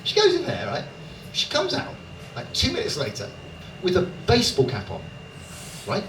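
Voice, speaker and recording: A man's voice: high voice, wildly swooping pitch, normal speed, gravelly, far from the mic. A man from Dorset doing chatty, profane stand-up with crowd work in a London comedy club, tagging lines with "right?". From Dorset, England. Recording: roomy live club, loud audience noise.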